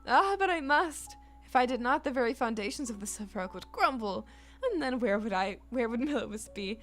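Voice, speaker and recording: A woman voicing a flamboyant, theatrical man in a game, speaking in a booming, grandly formal way. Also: animated, a little fast, fairly bright tone, soft background music. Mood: boisterous. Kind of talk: game dialogue reading.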